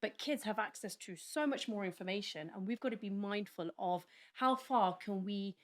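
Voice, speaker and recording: A woman educator on a discussion panel, speaking in a measured but frank, opinionated way. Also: medium pitch.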